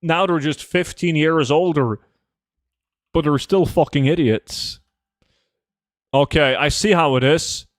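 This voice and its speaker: Young dude streaming games, chatting w chat, cursing n rambling, dry close sound, unhurried. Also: male voice, fairly high pitch, no room sound. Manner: loose, profane, rambling with many fillers. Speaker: game streamer. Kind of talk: casual livestream chat, reading chat messages.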